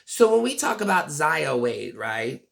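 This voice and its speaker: A person in their forties vlogging a casual, blunt and profane monologue, telling stories in an animated way. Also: mid-range voice, measured pace, gravelly. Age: 40s.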